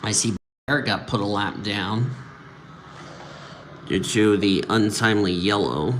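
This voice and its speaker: A man with a lowish voice calls a sim racing league live in a casual, chatty way. He is tired and yawning, yet he perks up loudly whenever someone gets wrecked. He speaks into a desk mic over a faint hiss. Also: unhurried. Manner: excitable, reacts loudly to crashes. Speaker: race commentator.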